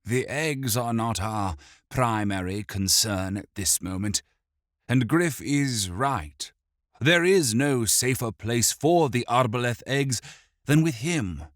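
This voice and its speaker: A man voicing a stern elven steward, speaking with grave, measured authority in an audiobook. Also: mid-range voice, animated, dry recording, clean studio sound, pitched above the performer's own voice.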